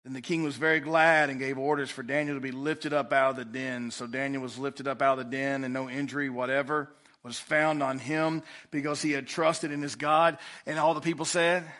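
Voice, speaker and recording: Bright-voiced preacher man. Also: medium pitch, little pitch movement, brisk, few pauses. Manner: preaching with rising and falling intensity. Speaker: pastor. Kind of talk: sermon.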